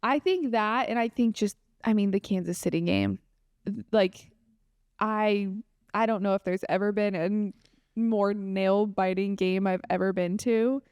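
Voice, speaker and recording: A young woman from Colorado co-hosting a podcast in casual chat, animated and laughing often. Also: mid-range voice, unhurried, clear, resonant tone, no echo, highs cut off. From Colorado, USA. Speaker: podcast co-host.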